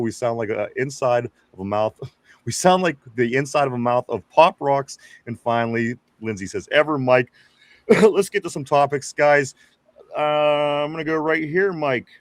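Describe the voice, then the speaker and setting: Reading the chat aloud on a live sports podcast, this male co-host keeps things laid-back and chuckles at viewer comments. His voice is medium-pitched and the recording has no room sound.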